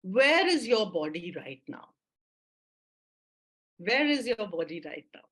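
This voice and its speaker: A woman's voice: mid-range voice, big pitch swings, slow, fairly bright tone. A woman leading an online mindfulness workshop for teachers, upbeat and encouraging, with lots of praise for her audience.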